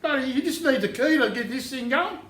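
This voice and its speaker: Cocky man with a lively voice. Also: very high-pitched, fairly quick. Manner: cocky, joking, slangy. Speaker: novice woodworker apprentice. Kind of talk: comic workshop banter. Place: workshop shed. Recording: roomy echo.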